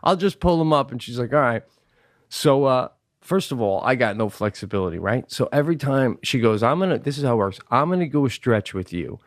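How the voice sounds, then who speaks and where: In a clean, dry studio recording, a man co-hosting a podcast spins a comedic story at a fairly quick clip in his mid-range voice. He stays animated throughout, cursing freely and performing the voices of those he quotes.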